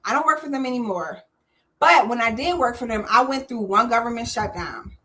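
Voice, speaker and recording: A woman's voice: a little high, animated, brisk, sharp tone. A woman hosting a live call-in stream about government contracting, talking straight to her viewers with energy and emphasis.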